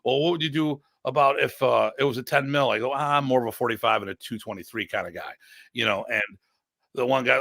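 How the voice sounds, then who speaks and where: Gravelly, bright-voiced middle-aged man. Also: quick pace, no echo, clean studio sound. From United States. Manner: animated, acts out quoted exchanges with pitch jumps; rambling with restarts, blunt and joking. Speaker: podcast host and martial arts instructor. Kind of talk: casual storytelling chat.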